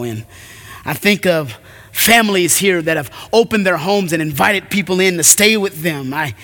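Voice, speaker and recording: A man pastor preaching an earnest, animated sermon with dramatic pauses in a church. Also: high voice. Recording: echoey hall.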